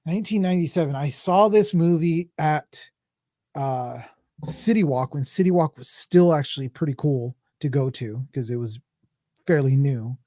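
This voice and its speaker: A man's voice: mid-range voice, measured pace, dark tone, no room sound, studio quality. A man in his forties, hosting a podcast and chatting casually about movies in a rambling, joking way with many restarts. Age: 40s. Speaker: podcast host.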